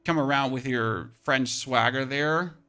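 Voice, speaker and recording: A man's voice: medium pitch, a little slow, bright, forceful tone. A man with a German accent giving chatty, self-mocking commentary while streaming a game. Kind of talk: casual gameplay commentary.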